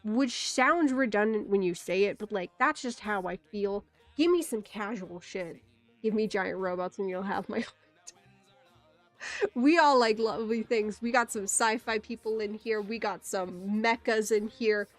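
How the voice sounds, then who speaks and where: A woman livestreamer chatting casually with her viewers, rambling with quick asides, giggles and playful exclamations. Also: mid-range voice, soft background music. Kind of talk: casual rambling stream chat.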